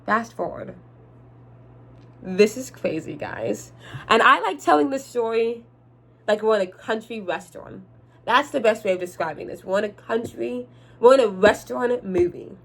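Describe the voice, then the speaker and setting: Animated young woman telling a story. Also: fairly high pitch, normal speed, gravelly. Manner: animated, chatty, talks straight to the viewers. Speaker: vlogger. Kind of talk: storytime vlog.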